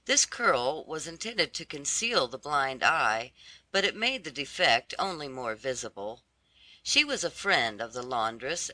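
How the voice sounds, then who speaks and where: A storybook narrator reads slowly, the pitch rising and falling with lively expression. The tone is bright and crisp, and the recording is dry and close. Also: dry recording. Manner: slow, lively, storybook delivery. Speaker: audiobook narrator. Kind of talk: scripted narration of a fairy tale.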